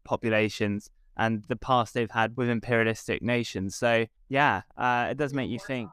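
A man guesting on a casual podcast, talking haltingly with restarts and teasing asides. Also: medium pitch, steady tone, a bit bright, clear, resonant tone, no echo, clean studio sound. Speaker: comedian guest.

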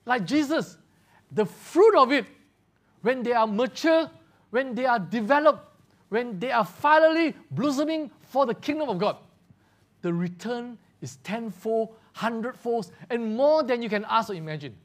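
A man's voice: extremely high pitch, lively intonation, unhurried. A man preaching a sermon, often restarting words and asking rhetorical questions. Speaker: pastor.

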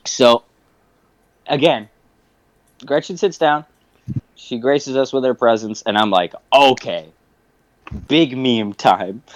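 A man's voice: medium pitch, slow pace, long pauses, no room sound. A young man co-hosting a podcast, telling a rambling, profane story with lots of laughing and acted-out voices. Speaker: podcast co-host. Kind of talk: casual storytelling chat. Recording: dull lo-fi sound.

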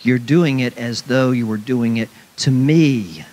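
A man's voice: mid-range voice, a little slow. A man preaching a sermon, often asking "right?" of his listeners and briefly acting out other people's voices. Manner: animated, acts out mocking voices of people; repeats "right?" to the congregation.

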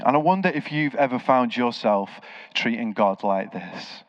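Speaking at a moderate pace in a medium-pitched voice, a man preaches and tells stories, vividly voicing the people he quotes. The sound is dry and a bit dull, with no room sound at all.

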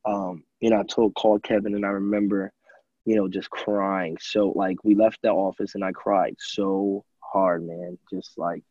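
A young man with a low, husky, mellow voice tells his story as an interview guest, loose and chatty and full of filler words. He acts out what other people said as he goes. The audio sounds dry and a bit dull. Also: unhurried, no echo. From USA. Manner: animated storyteller, many fillers, acts out quotes. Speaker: guest, former college football player.

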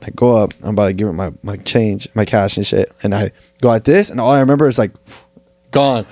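A man's voice: lowish voice, brisk, darkish tone. A young man co-hosting a podcast, telling a story in casual, profane slang. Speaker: podcast co-host. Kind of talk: casual chat.

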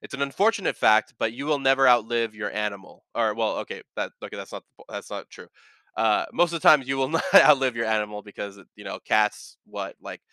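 A man's voice: on the low side, lively intonation, brisk, pushed and bright, clean tone, dry recording. Earnest rambling man with a slight lisp. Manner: earnest, rambling, self-correcting. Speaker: podcast host. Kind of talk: casual solo podcast talk.

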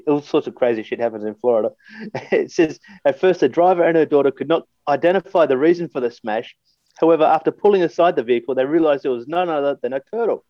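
A man's voice: a little high, animated, fast talker, no room sound, muffled recording. A man with an Australian accent co-hosting a podcast, reading odd news stories, laughing often and cracking crude jokes and puns. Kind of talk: casual chat.

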